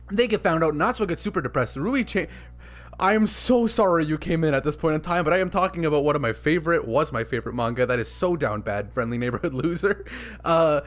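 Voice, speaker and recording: A young man with a notably high voice talks to his stream chat. He rants in a casual, profane and animated way, swinging into loud outrage.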